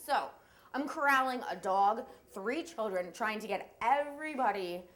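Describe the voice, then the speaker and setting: A young woman with a high voice tells her own story at a live storytelling event. Her delivery is animated and breathless, with quick laughs between the lines.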